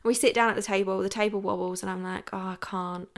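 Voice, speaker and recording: A young woman tells a dating story on her podcast, loose and candid. Her voice sits in the middle of the range and keeps dropping into a creaky, gravelly fry. She fills her sentences with "like" as she goes. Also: mid-range voice, steady tone, quick pace. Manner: chatty, frank, lots of "like". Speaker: podcast host. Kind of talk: storytelling chat.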